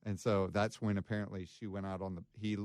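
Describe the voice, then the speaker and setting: A man's voice: deep voice, flat delivery, fairly quick, darkish tone, no room sound, clean studio sound. A man hosting a podcast, casually recounting a case and reading snippets, with frequent ums and restarts. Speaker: podcast host. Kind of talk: casual storytelling chat.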